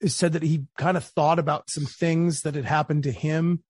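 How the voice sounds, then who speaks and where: Chatty husky male podcast host. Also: a little high, moderate pace, no room sound, studio quality. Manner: animated, chatty storyteller. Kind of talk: casual interview chat.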